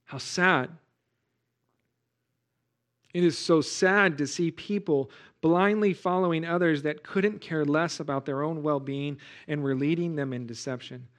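A man preaching a sermon as pastor, earnest and exhorting, rising to loud emphasis. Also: a little high, a little slow.

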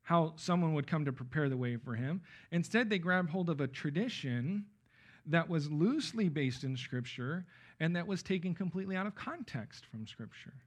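A man's voice: on the high side, lively intonation, moderate pace. A man preaching an expository Bible sermon, emphatic and checking in with his listeners with frequent okay and right. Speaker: pastor.

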